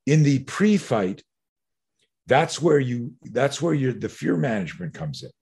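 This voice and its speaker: Husky man, self-defense teacher, animated storyteller who swears freely. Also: medium pitch, a little slow. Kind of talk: conversational storytelling.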